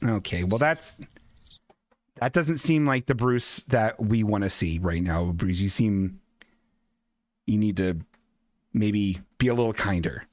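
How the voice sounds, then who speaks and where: A man's voice: lowish voice, a little slow, pauses often, darkish tone, dry recording, studio quality. A man hosting a comedy show, rambling and chuckling through his stories.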